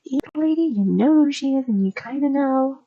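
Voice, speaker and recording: A woman's voice: high-pitched, expressive, moderate pace, dull audio. A woman streamer chatting in a casual, rambling, gossipy way and spilling a story, recorded on a desk microphone. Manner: rambling, gossipy, lots of fillers.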